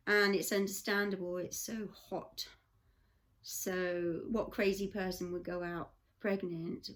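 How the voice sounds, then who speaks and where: English woman, chatty storyteller, rambling asides, casual vlog. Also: mid-range voice. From England. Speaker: vlogger.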